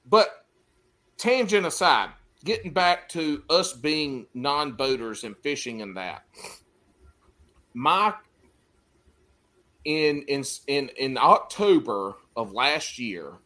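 Bright-voiced man with a twang, joking loud. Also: medium pitch, expressive, slow pace, pauses often. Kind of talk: casual chat.

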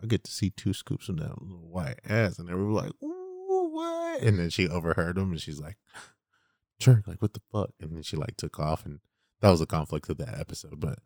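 Very deep-voiced man, casual chat. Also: steady tone, fast, no room sound, studio quality. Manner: rambling, slangy storytelling with lots of "like". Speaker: podcast co-host.

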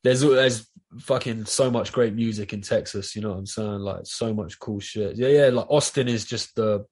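A man's voice: fairly low pitch, normal speed, darkish tone, husky. Sweary South East London man chatting. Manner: swears a lot, loose and rambling. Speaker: podcast guest. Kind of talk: casual chat.

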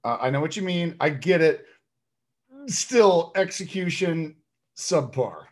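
A man co-hosting a casual film-review chat, emphatic and ranty, swearing freely as he picks the movie apart. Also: on the high side. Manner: animated, emphatic, swearing, quick to rant. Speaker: podcast co-host reviewing a film.

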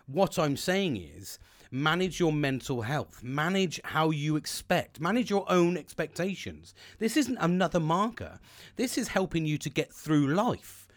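A man's voice: a little high, measured pace. A man hosting a podcast, giving a casual, sweary motivational talk into a home mic setup. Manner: heavy swearing, animated, acts out quoted people. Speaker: podcast host.

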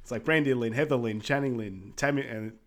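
A man's voice: medium pitch, fairly quick, a crowd in the background. A man co-hosting a podcast, recapping a film in an easygoing, amused way. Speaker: podcast co-host. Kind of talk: casual film recap chat.

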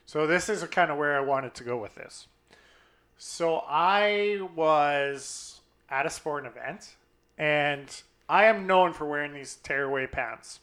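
Bright, animated young man telling stories. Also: fairly high pitch, slow pace. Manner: animated, profane storyteller, acts out quotes. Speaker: podcast co-host. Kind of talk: casual chat, storytelling.

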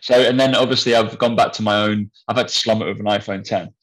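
A man's voice: on the low side, fairly even intonation, quick pace, fairly bright tone, low-quality recording. A young man chatting casually on a podcast, telling a story bluntly and swearing freely. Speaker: podcast co-host. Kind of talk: casual chat.

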